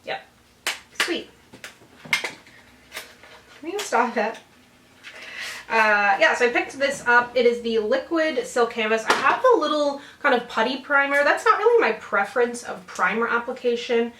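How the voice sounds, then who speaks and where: A young woman talks through her makeup haul in a loose, rambling way and laughs often. Her voice sits a little high. It comes from some distance in a roomy, echoing home space. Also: pushed and bright, a little hiss or hum. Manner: chatty, laughs often, drifts off topic. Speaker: beauty vlogger. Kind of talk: casual haul chat. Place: home room.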